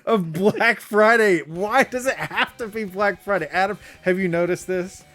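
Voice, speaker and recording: Man, co-host, casual podcast chat, animated and laughing, higher-pitched, light music under. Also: normal speed. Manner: animated, laughing, mock announcer bits.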